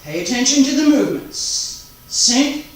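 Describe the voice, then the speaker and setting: High-voiced man slowly cueing taiji moves. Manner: calm, unhurried step-by-step cueing and counting. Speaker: taiji instructor. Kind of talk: live online movement class. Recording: very echoey room, mic far off, faint background noise.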